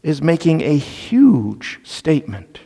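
A man preaching an expository sermon, slow and deliberate, stressing key points with emphasis. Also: a little high, sing-song, gravelly, mellow. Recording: long reverb of a large hall.

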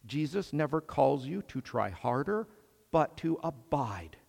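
A man preaching a sermon in a slow, measured way, swelling on emphatic phrases. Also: a little high, very animated, vocal fry, darkish tone, in a large hall.

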